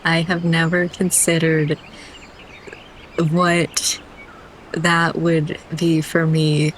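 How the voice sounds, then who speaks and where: A woman's voice: sits low, completely flat delivery, drawn-out words, long pauses, a little hiss or hum. A young woman streaming a video game, chatting casually and breaking into giggles. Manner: giggly, easily cracks up, chatty asides.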